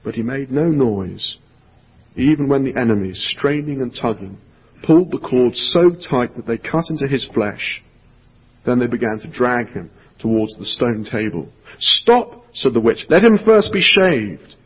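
A male pastor giving an earnest sermon, reading a storybook aloud and dropping to a hushed voice for emphasis. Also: medium pitch, normal speed, husky. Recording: echoey hall, dull lo-fi sound.

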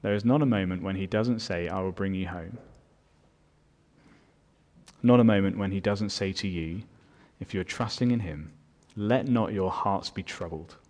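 A man's voice: deep voice, moderate pace, pauses often, darkish tone. A man preaching a sermon as pastor, earnest and building in volume on his key points.

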